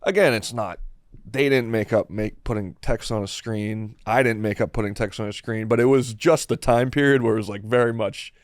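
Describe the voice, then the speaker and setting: A young man tells a story at length in casual podcast chat, laughing at himself often. His voice is smooth and resonant, recorded close and dry with no room sound. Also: on the low side, normal speed, no echo. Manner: rambling, self-deprecating, laughs often. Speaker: podcast guest.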